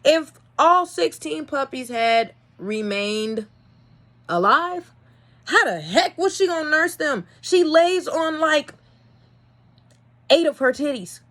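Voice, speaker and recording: Telling a vlog story, this young dog breeder sounds animated and exasperated, shifting between loud and quiet. She speaks slowly, in a high-pitched voice, and keeps the tone casual.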